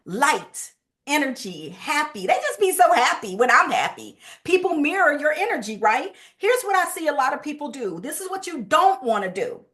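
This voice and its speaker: A woman giving a lively, emphatic sales training talk, with speech and a quick habitual pace. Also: high voice.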